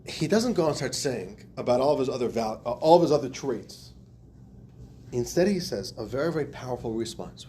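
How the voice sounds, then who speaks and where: Male rabbi lecturer, higher voice with big lively swings, acts out the quotes. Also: slight background noise. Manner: expressive, acts out quotes, laughs often. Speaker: rabbi teaching a class. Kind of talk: animated lecture.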